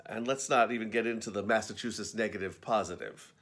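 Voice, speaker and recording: A man's voice: fairly low pitch, a little fast, a bit bright. Wry man narrating his own memoir. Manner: wry, conversational storytelling.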